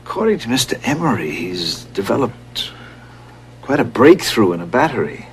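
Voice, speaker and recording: A man's voice: mid-range voice, big pitch swings, moderate pace. An actor playing a male police captain who speaks in a dry, matter-of-fact way. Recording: noisy TV soundtrack with studio audience laughter.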